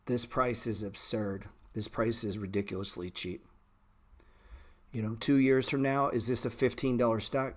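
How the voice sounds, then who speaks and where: A middle-aged man hosting a stock trading livestream, talking bluntly and sarcastically with swearing, and jumping into animated, louder rants. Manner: animated rants that jump in pitch and volume. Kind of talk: casual livestream chat.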